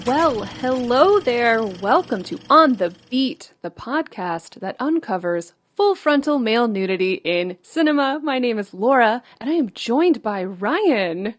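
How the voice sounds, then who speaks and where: A woman's voice: fairly high pitch, animated, measured pace, few pauses. A woman hosting a casual film podcast, playful and teasing. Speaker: podcast host.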